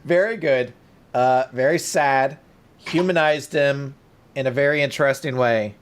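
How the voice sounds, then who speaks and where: A young man co-hosting a podcast in casual chat, telling stories with lively, acted-out bursts. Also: medium pitch, unhurried, smooth. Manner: animated storyteller, acts out scenes in loud bursts. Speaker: podcast co-host.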